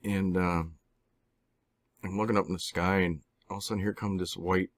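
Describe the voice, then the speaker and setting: Deep-voiced man rambling through a story. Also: little pitch movement. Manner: rambling, halting, frequent restarts and mild swearing. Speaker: interviewee recounting personal experiences. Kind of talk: casual spoken storytelling.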